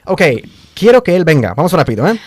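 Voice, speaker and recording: A male teacher running quick drills with a lively, up-and-down voice, pitched a little high for a man. He corrects and repeats with animated emphasis, recorded close and dry in a studio. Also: dry recording. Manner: animated, emphatic, switching between English and Spanish. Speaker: English teacher. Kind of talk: bilingual English lesson drills.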